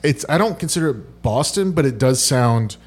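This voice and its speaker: A man's voice: mid-range voice, animated, normal speed, slightly rough. A man hosting a podcast, telling history in a rambling, joking casual chat. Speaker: podcast host.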